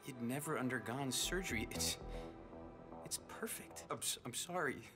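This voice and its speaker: An actor playing a polite, earnest male surgeon in a video game, speaking in a measured, courteous way over game music. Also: mid-range voice, lively intonation, lightly acted.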